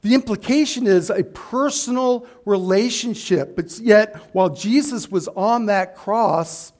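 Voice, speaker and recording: High-voiced preaching man. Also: unhurried, darkish tone. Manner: preaching with rising, emphatic outbursts. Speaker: pastor. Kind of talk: sermon. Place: church hall with a slide screen.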